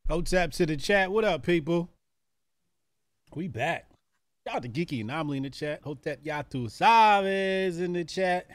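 A man's voice: on the high side, animated, moderate pace, dry recording. A man hosting a casual show, hyped and slangy, laughing often with his guest. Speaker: podcast host. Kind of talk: casual interview chat.

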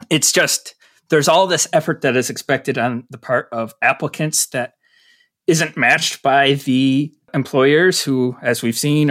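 A man in a casual podcast discussion, speaking in a measured way with hedging fillers. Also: mid-range voice, a bit bright, no room sound, clean studio sound.

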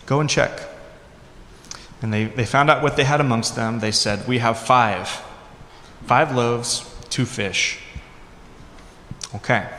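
A male pastor giving a sermon in a conversational way, acting out quoted lines with lively voices. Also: mid-range voice, slight background noise. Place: church hall. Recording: echoey hall.

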